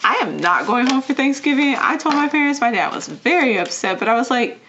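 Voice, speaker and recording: A young woman vlogger chatting casually as she counts cash into envelopes, often dropping to a soft murmur. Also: sits high, very animated, brisk, highs cut off, a little hiss or hum. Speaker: vlogger doing budgeting videos.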